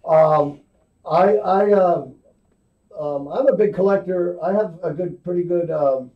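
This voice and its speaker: A man's voice: sits high, a little slow. A man co-hosting an online radio show in casual chat, rambling and hesitant, laughing easily. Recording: distant lo-fi webcast audio.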